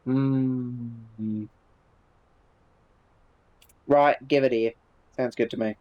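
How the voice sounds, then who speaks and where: A man's voice: mid-range voice, steady tone, very slow, lo-fi sound. A man streaming live, chatting casually and reacting to viewer messages in a laid-back way, swearing freely and restarting his sentences.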